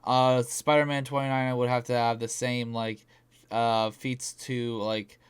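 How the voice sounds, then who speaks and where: A man's voice: mid-range voice, flat delivery, moderate pace, smooth. A man hosting a reaction video, chatting casually and rambling with lots of fillers and the odd swear word. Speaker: reaction channel host.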